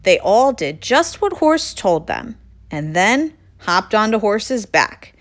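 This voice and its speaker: Expressive woman reading a children's story. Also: medium pitch, takes it slowly. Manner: expressive, addresses children directly. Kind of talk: reading a children's picture book aloud.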